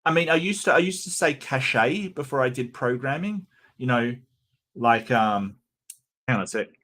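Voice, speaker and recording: A man's voice: medium pitch, expressive, normal speed, a bit bright. A man with an Australian accent hosting a casual livestream, chatting and joking with viewers and often stammering and restarting. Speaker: streamer host.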